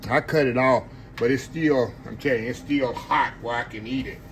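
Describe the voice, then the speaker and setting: A man's voice: medium pitch, steady tone, moderate pace, slight background noise. A man chatting casually to his viewers while cooking at home in his kitchen. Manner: chatty, talks to viewers as "y'all". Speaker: home cook.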